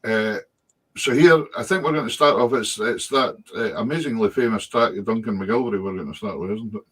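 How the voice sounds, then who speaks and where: A radio host with a husky voice, heard from a little way off the mic. He is informal and easygoing as he sets up the next music track. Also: fairly low pitch, a little fast, recorded from a distance.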